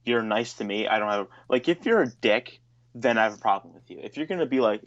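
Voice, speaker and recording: A man's voice: fairly low pitch, quick pace, a bit bright, lo-fi sound. A man co-hosting a podcast, telling stories in a casual, profane, ranting way. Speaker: podcast co-host. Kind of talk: casual chat.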